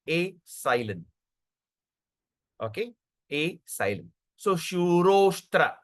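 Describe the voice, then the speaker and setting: A man teaching a devotional scripture class, checking in often with "okay" and "right", and spelling out pronunciation slowly. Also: sits high. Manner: lively, repeats words and checks in with "okay" and "right".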